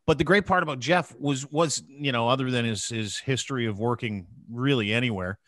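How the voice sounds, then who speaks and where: A man in casual podcast banter, telling stories loosely and with plenty of swearing. His voice sits at an ordinary pitch and sounds close and dry, with no room around it. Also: brisk, a bit bright, dry recording. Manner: profane storytelling, drops into a low breathy impression. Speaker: podcast host.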